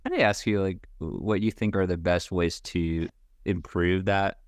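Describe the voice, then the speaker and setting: A man's voice: sits low, fairly even intonation, a little slow, no room sound, studio quality. A man co-hosting a podcast, asking a long, thoughtful interview question full of "like" fillers. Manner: thoughtful, hedging, many "like" fillers. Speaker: podcast co-host.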